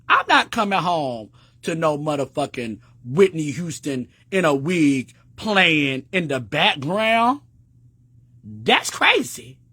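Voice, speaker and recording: A man's voice: pushed and bright, slightly rough, no room sound. Sassy, profane man ranting on a livestream. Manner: flamboyant, sassy and profane, with big swings in pitch. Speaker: livestream host. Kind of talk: casual livestream rant.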